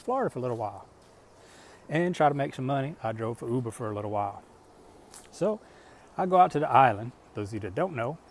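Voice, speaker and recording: A man's voice: medium pitch, darkish tone, slight background noise. A middle-aged man vlogging, telling stories in a blunt, profane, rambling way and asking rhetorical questions. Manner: conversational, asks rhetorical questions. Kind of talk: casual storytelling monologue.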